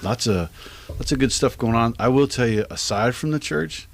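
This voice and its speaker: A man's voice: medium pitch, moderate pace, vocal fry. A male pastor hosting a casual church podcast, easygoing and joking as he steers the talk. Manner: easygoing, joking, leads the conversation.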